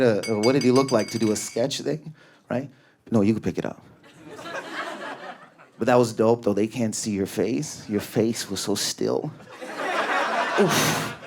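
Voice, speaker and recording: A man's voice: mid-range voice, noisy background. A man doing stand-up comedy on a club stage, telling stories with frantic, raging energy and sudden shifts in tone. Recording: live club with crowd laughter.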